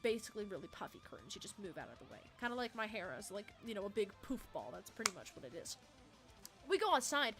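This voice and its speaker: A young woman, streaming and telling a story in a profane, animated, dramatic rant. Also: fairly high pitch.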